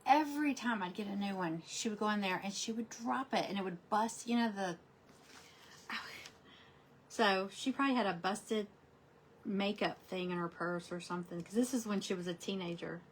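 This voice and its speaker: A middle-aged woman chatting casually while she paints crafts, telling stories and often trailing into soft asides. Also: mid-range voice, normal speed, slight background noise. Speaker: crafting vlogger.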